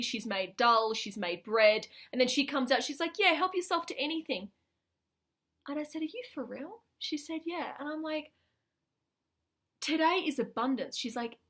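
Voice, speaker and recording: Excited woman telling an abundance story. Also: fairly high pitch. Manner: excited, breathless storytelling with many restarts. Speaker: spiritual vlogger. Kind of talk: casual storytelling to camera.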